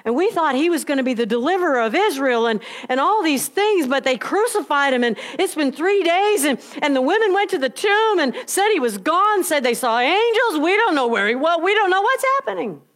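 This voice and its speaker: A woman's voice: sits high, expressive, a bit bright, pitched above the performer's own voice. Woman voicing anxious, downcast travellers. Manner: rushed, anxious explaining. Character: two downcast male travellers on a road.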